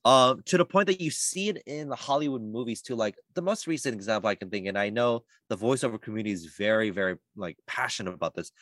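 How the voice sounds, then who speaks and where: A man who works as a voice actor, talking in a casual podcast interview, animated and chatty with lots of fillers. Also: fairly low pitch, fast, hardly any pauses, no echo. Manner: animated, lively storytelling with many fillers. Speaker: voice actor guest.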